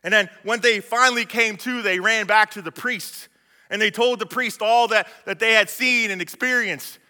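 Bright-voiced young preacher in a big hall. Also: male voice, high-pitched, normal speed. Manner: storytelling, with casual slang and frequent restarts. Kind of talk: sermon. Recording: long hall reverb.

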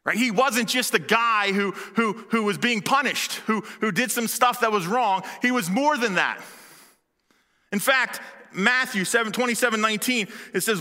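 High, bright-voiced man preaching a sermon. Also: moderate pace. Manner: animated, conversational preaching. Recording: long hall reverb.

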